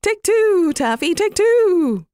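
A woman voicing a silly turtle dove that chants its cry over and over in a shrill sing-song. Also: big pitch swings, slow, dark tone, no room sound, clean studio sound, exaggerated voice.

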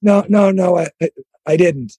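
A man with a Long Island accent, a guest financial planner, speaking plainly with a gravelly, husky voice. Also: high voice, normal speed, dark tone, no echo. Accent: New York, Long Island. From the Bronx, New York. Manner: plainspoken, reflective, with frequent fillers. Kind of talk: interview conversation.

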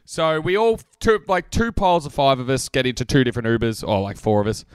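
A young man, telling animated stories in a casual podcast chat and swearing often. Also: mid-range voice, fast, smooth, no room sound, clean studio sound. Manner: animated storytelling, swears a lot, laughs often. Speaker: podcast co-host.

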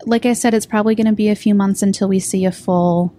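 Measured woman recounting case details. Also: mid-range voice, steady tone, mellow, slight background noise. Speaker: reporter. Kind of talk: podcast discussion.

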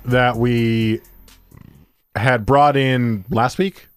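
A man hosting a relaxed beer podcast, easygoing and a bit hesitant, with plenty of ums and uhs. His voice has an ordinary mid pitch, and the sound is close and dry. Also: drawn-out words, smooth, no room sound, soft background music. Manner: easygoing, hesitant with many fillers, laughs along. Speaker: podcast co-host. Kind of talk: casual beer podcast chat.

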